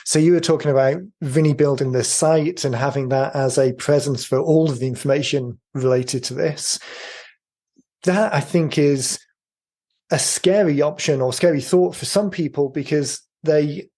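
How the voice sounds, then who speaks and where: A man hosting a business podcast interview, thinking out loud in long, winding questions. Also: a little high, normal speed. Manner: rambling, thinks aloud. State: voice going hoarse. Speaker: podcast host. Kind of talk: casual interview.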